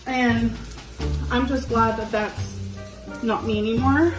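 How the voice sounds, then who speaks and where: In an echoey home kitchen with music behind her, a young woman chats to camera as she cooks at the stove. She rambles casually, uses "like" a lot, and sounds slightly out of breath, her voice on the high side with a steady tone and slow pace.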